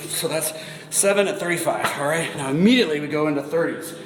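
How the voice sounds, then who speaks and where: A man's voice: on the high side, fast. A man in his forties chatting casually through a live-streamed workout, swearing now and then and breathing heavily between sets. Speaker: fitness vlogger. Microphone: phone camera. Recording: echoey room with long reverb.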